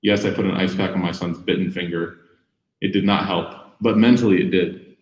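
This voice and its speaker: A young man giving a sermon, telling personal stories lively and acting out the voices in quotes. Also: low-pitched, brisk, lo-fi sound. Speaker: Muslim speaker giving a talk. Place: room with audience. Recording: echoey room.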